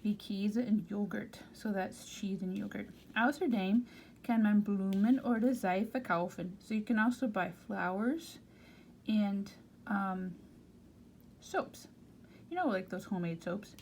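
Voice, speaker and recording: A woman's voice: mid-range voice, unhurried, darkish tone. American woman teaching German vocabulary. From United States. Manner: reads German then explains it plainly in English. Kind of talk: reading a German textbook aloud and translating into English. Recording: faint background noise.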